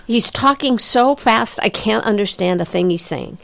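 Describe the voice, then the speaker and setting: A woman psychic medium giving a reading in conversation, talking in an animated way and breaking into excited quoted voices, with many fillers and apologies. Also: medium pitch, normal speed, gravelly, no room sound. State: says she has a headache.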